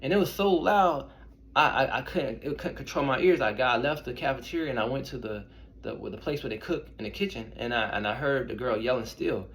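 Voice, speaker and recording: A man's voice: medium pitch, fairly quick, a bit bright. A young man, an intuitive reader, casually telling personal stories to his viewers in a rambling, conversational way. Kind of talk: casual storytelling to camera.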